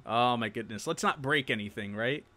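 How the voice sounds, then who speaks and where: A man's voice: medium pitch, normal speed, pushed and bright. A young man from New York with a New York accent, hosting a live-stream show and chatting casually with viewers, laughing often.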